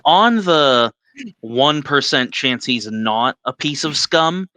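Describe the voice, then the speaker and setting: A man's voice: mid-range voice, expressive, takes it slowly, pushed and bright. A young man co-hosting a podcast, chatting casually in a blunt, sarcastic way. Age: young adult. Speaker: podcast co-host. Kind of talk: casual chat.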